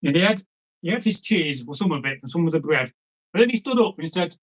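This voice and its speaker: Male folk-tale teller, fairly high voice, rambling and conversational. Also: lively intonation, fast, poor audio. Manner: chatty, rambling, frequent "you know" asides to listeners. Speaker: storyteller. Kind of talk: oral folk tale storytelling.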